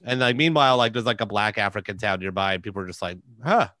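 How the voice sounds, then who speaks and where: Bright-voiced joking man. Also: fairly low pitch, rapid-fire, dry recording, studio quality. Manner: joking, laughs often, loose and irreverent. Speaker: podcast co-host. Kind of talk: casual comedic chat.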